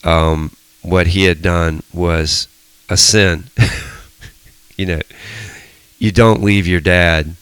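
A man's voice: sits low, fairly even intonation, slow, long pauses, a bit bright, clean tone, no room sound, low-quality recording. A middle-aged man leading a Bible study, telling stories animatedly with frequent restarts. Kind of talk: casual teaching discussion.

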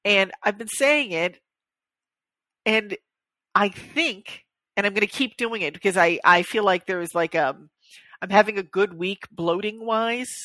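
A woman co-hosting a podcast in casual chat, animated and quick to joke at her own expense. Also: mid-range voice, dry recording. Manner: animated, joking and self-mocking. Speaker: podcast co-host.

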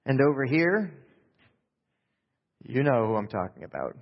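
A middle-aged man gives a calm, understated sermon full of little fillers and restarts. His voice carries the long reverb of a big church hall. The recording has a slightly dull, lo-fi tone. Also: measured pace, vocal fry. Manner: calm, low-key, self-deprecating delivery with many fillers. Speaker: preacher. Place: church sanctuary during a service. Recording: echoey hall, dull lo-fi sound.

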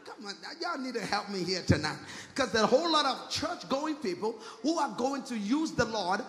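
A man's voice: very high-pitched, sing-song, normal speed, a bit bright. A man preaching a fervent sermon as a pastor, calling out again and again to the congregation in a church hall. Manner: fervent preaching with repeated rhetorical call-outs to the congregation. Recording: echoey church hall with long reverb.

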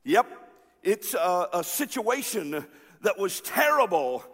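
A man preaching a sermon, telling a story with lively acted-out voices. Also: high voice, slow pace, slightly rough, in a large hall. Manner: animated storytelling, acting out characters. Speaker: pastor.

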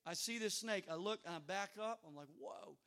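A middle-aged man preaching as pastor, telling stories with humorous asides and sudden loud outbursts. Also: sits high, brisk. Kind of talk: sermon.

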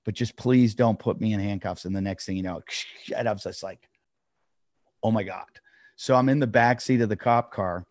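Low-voiced man telling a story. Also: moderate pace, dry recording, clean studio sound. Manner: animated storyteller acting out quotes. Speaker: podcast guest, comedian. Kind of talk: casual storytelling.

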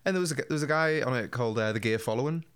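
A young man in a relaxed chat. He laughs through his own anecdotes, swears casually and slips into the voices of the people he quotes. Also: mid-range voice, rapid-fire, clear, resonant tone. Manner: laughing storyteller, acts out quotes, swears freely.

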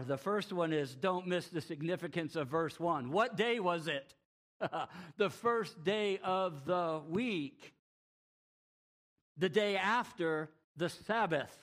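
A man preaching a sermon, asking rhetorical questions and swinging between loud emphasis and quiet, drawn-out lines. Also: fairly high pitch.

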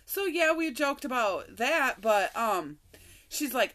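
Lady podcaster ranting through a story, cussing a lot, bright voice jumping all over. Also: fairly high pitch, takes it slowly. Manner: animated, profane, laughs often. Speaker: podcast co-host.

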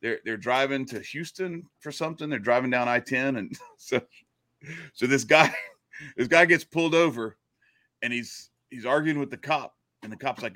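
A man's voice: mid-range voice, normal speed, pauses often, pushed and bright, no echo, studio quality. A man from Louisiana with a Cajun accent, chatting casually and telling a long joke, rambling and correcting himself as he goes. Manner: rambling, self-interrupting, joking. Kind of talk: casual chat, storytelling.

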